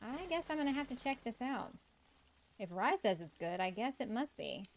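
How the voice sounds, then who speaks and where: A woman's voice: on the high side, very animated, normal speed. A woman streaming a cozy game, chatting casually with her viewers and laughing often. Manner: chatty, laughs often, reads and answers chat. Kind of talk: casual gaming stream chat.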